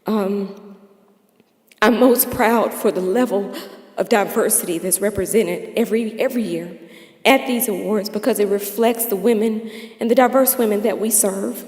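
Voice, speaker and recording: A woman's voice: medium pitch, moderate pace, darkish tone. An American woman speaks from a stage in a large hall, her voice ringing with long reverb. She delivers a heartfelt awards speech. She laughs lightly between phrases. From United States. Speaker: charity founder giving awards speech. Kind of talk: emotional ceremony speech.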